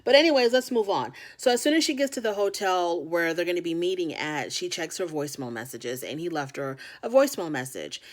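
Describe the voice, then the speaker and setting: A woman's voice: fairly low pitch, lively intonation, fairly quick, hardly any pauses. A woman hosting a casual reality TV recap, talking frankly and filling her speech with "like" and "you know.". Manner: chatty, frank, heavy on fillers like "you know".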